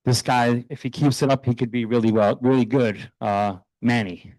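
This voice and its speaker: A middle-aged man, a youth soccer coach, speaking earnestly and proudly while honoring his players at a town meeting, loose and a little halting. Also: medium pitch, fairly even intonation, a little mellow, no echo, poor audio. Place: township council meeting room.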